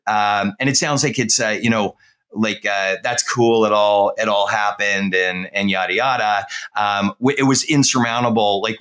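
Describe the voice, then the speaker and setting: In a lowish, fairly bright voice, this middle-aged man, a real estate agent, casually recounts a story during an interview. His telling wanders, peppered with fillers like "uh" and "um" and frequent restarts.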